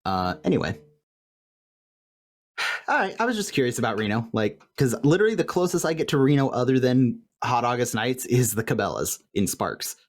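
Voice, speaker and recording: A man co-hosting a podcast in casual recap chat, animated and laughing often as he quotes lines. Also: mid-range voice, normal speed. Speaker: podcast co-host. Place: home room with light fan noise.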